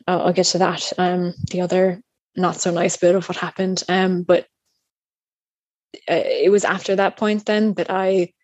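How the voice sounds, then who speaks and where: A young woman with a slightly low voice tells a personal story in easy, chatty conversation. She acts out what other people said and fills her speech with ums and restarts. Her voice sounds close and dry, with no room echo. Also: darkish tone. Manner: chatty with many fillers and restarts. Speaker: podcast guest telling a personal story.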